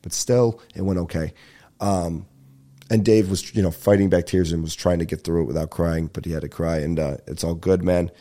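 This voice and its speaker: A man hosting a podcast, rambling casually and excitedly with lots of swearing, his voice stuffed up and nasal. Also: low voice, moderate pace. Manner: profane, excitable, breaks into bits of singing. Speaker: podcast host.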